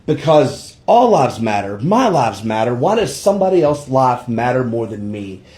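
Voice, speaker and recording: A man recounts a personal story with earnest feeling and a mellow, warm tone. His pitch moves up and down a lot as he acts out a coworker's words. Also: very animated, moderate pace. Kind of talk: personal story told on camera.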